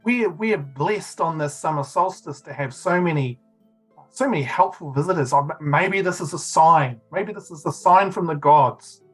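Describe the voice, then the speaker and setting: A man's voice: fairly high pitch, normal speed, a bit bright, breathy edge, soft background music, rough recording. A man voicing a fussy male town official who stammers and gushes to a crowd. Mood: gushing. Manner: flustered, stammering, gushing.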